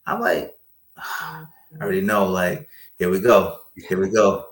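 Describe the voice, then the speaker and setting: A man's voice: deep voice, animated, unhurried. A man being interviewed on a podcast as a paramedic guest, telling a story animatedly, repeating phrases for emphasis and speaking in a faith-centered way. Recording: roomy echo.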